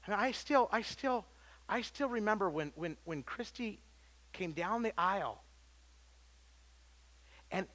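A man preaching a sermon, swinging from loud emphasis to quiet, low lines and often restarting his words. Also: expressive, measured pace, pauses often. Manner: self-interrupting with repeated words. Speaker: pastor.

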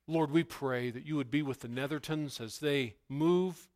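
A man preaching as pastor, who prays softly and then tells stories with animated, emphatic bursts. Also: normal speed. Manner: animated storytelling, rising to loud emphatic bursts; hushed, low prayerful delivery. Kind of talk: sermon with opening prayer.

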